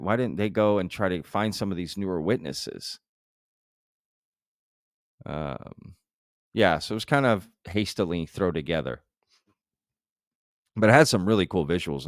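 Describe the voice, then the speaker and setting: A man with a very low, smooth and resonant voice chats casually on a live stream. He talks loosely, with plenty of fillers. The sound is close and dry. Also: animated, moderate pace, pauses often, no echo. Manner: loose and conversational, full of fillers. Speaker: show host. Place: home live-stream setup.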